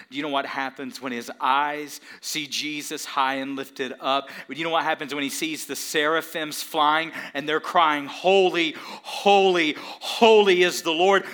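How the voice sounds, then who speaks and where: A middle-aged man preaching a sermon, swinging from hushed questions to shouted climaxes and addressing the congregation with rhetorical questions. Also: medium pitch.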